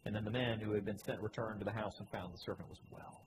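A man preaching a sermon, repeating key phrases, asking the congregation questions, and swinging between loud emphatic lines and low quiet ones. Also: steady tone, fast, slight background noise, rough recording. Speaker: pastor. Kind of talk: sermon with slides.

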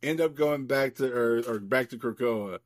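A man's voice: medium pitch, normal speed, no room sound. A man co-hosting a podcast, casually recapping a comic book in a loose, rambling way, swearing freely and leaning on lots of fillers. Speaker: podcast co-host.

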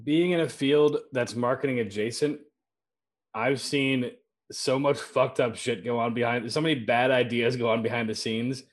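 A man's voice: medium pitch, fairly even intonation, moderate pace. A man co-hosting a casual podcast chat, laid-back with dry wisecracks and casual swearing. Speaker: podcast co-host.

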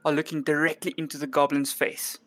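A woman's voice: sits low, little pitch movement, brisk. A woman narrating a tabletop role-play game as game master, describing the scene in a chatty, descriptive way with frequent fillers.

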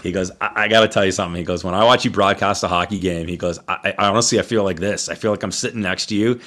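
A man's voice: sits low, fairly even intonation, very fast, fairly bright tone. A hockey broadcaster, a man, chatting as a guest on a podcast in an easygoing, conversational way with many restarts. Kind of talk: casual podcast interview.

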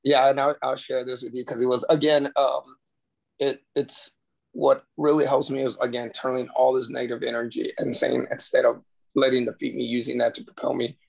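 A man's voice: medium pitch, level tone, fairly quick, gravelly, darkish tone. A man telling his story as a podcast guest, earnestly and casually, with frequent restarts. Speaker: podcast guest, former Marine recruiter.

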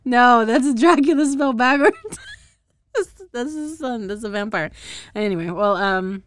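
A woman's voice: fairly high pitch, lively intonation, unhurried. A woman casually recapping a show as a podcast host, rambling, swearing and often losing track of names. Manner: rambling, profane, laughs often; loses track of names and details.

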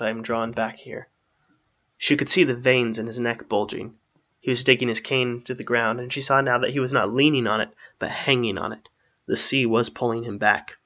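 A man narrating a fantasy story aloud in a steady storytelling manner. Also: medium pitch, lo-fi sound.

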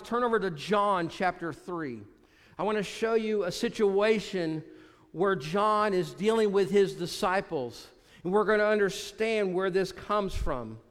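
A man preaching a sermon as pastor, often dropping low and quiet to stress a point. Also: in a large hall.

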